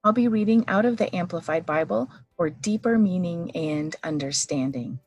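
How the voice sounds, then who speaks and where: A middle-aged woman hosting a podcast, gently reading a devotional meditation and prayer at an unhurried pace. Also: on the low side, lively intonation, no room sound, highs cut off, soft background music. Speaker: podcast host.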